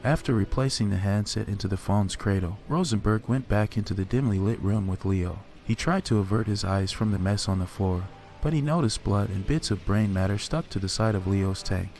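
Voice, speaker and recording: Male horror narrator, low and measured, faint music bed. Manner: measured, dark storytelling. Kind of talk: scripted horror story narration.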